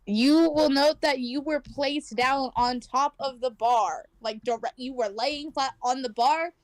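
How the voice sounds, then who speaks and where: A woman's voice: sits high, a little slow, no echo. A woman running a tabletop game as game master, narrating in a casual, rambling way with many fillers and restarts.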